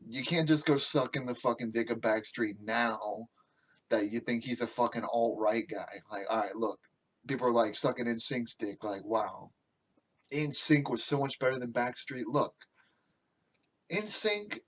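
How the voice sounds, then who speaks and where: A man hosting a podcast, ranting casually in a crude, mocking and profane way. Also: mid-range voice. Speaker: podcast host.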